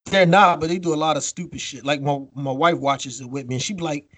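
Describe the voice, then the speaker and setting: A man cohosting a podcast, telling stories in a casual, profane, animated way. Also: on the high side, fast, no echo. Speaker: podcast co-host.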